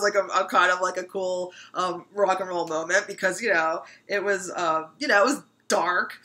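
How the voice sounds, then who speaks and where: A woman's voice: lowish voice, moderate pace, hardly any pauses, sharp tone, rough recording. A woman in her thirties telling a personal anecdote casually, rambling and full of fillers. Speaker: storyteller.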